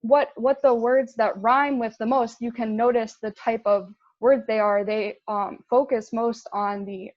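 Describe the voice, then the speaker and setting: A woman's voice: a little high, steady tone, measured pace, hardly any pauses, no echo. Young woman presenting in a lesson, slightly muffled. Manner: chatty, fillers, laughs at own slips. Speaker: intern presenter. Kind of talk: casual presentation.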